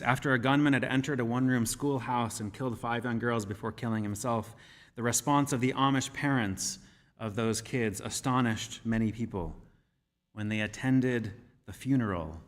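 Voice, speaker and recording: A man's voice: mid-range voice, fairly even intonation. Male minister preaching in a reverberant hall. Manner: measured, gentle storytelling. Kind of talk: sermon. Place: church sanctuary.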